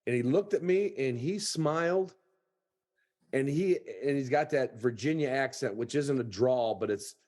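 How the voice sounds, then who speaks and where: A man's voice: medium pitch, a little slow, darkish tone. A man hosting a hunting podcast, telling a long folksy anecdote in casual chat over a video call. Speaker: podcast host.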